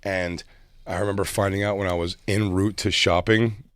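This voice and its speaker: Rambling storytelling comic, low voice. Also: male voice, moderate pace, clean tone, no echo. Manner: rambling, animated, acts out quotes. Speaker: comedian. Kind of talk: casual podcast storytelling.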